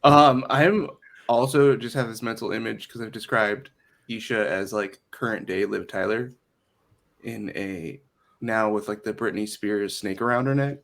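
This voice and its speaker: Chatty gravelly-voiced man at a game table. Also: fairly low pitch, measured pace, a bit bright. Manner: chatty, laughing, enthusiastic. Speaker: player. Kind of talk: casual chat at a game table.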